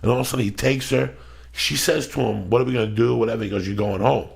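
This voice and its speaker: A man's voice: medium pitch, fast talker. A middle-aged man, a podcast host ranting with heavy swearing and acting out movie lines. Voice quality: gravelly. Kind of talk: profane storytelling rant.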